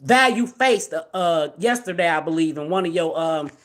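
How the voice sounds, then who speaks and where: A woman's voice: deep voice, fairly even intonation, normal speed. A woman hosting a live stream, delivering a blunt, confrontational rant that scolds someone directly. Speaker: livestream host. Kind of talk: livestream rant. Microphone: phone or webcam on a live stream.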